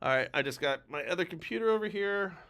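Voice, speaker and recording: A man hosts a live-streamed coaching talk and hammers his points home with emphatic urgency. His voice sits high and sounds bright and sharp. He is blunt and lets the odd curse slip. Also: lively intonation, fast. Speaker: mortgage lender and show host.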